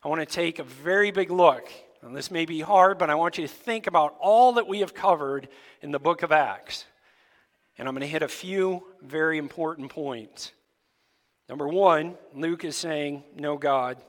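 A male pastor giving a sermon to his church, asking the congregation lively rhetorical questions. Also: fairly high pitch, long reverb tail. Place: church sanctuary.

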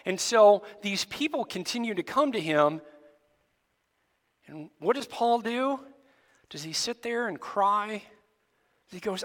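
Animated high-voiced male pastor preaching. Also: slow, pauses often, in a large hall. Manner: animated, rhetorical questions to the congregation. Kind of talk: sermon. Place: church sanctuary.

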